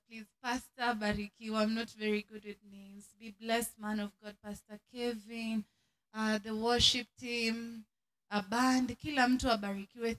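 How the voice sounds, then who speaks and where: A Kenyan woman minister speaking earnestly and softly as she leads a closing prayer at a church service. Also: a little high. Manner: soft, earnest spoken prayer. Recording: loud music behind the voice.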